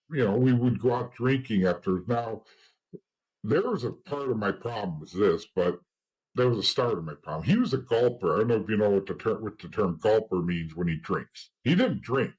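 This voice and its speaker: Being interviewed as a guest, a man tells stories in blunt, casual, swearing talk, acting out the dialogue of the people involved. His voice is on the low side, darkish and slightly rough, and the recording is rough.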